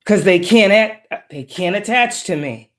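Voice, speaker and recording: A woman's voice: medium pitch, expressive, unhurried. A woman giving a profane, emphatic, preachy casual monologue as a psychic tarot reader. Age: adult with children.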